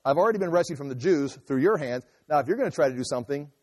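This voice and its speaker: A man's voice: fairly high pitch, expressive, racing, darkish tone, long reverb tail. A man preaching an expository sermon in a church, explaining scripture in a loose, conversational way. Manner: conversational, restarts and asides while explaining scripture. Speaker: pastor.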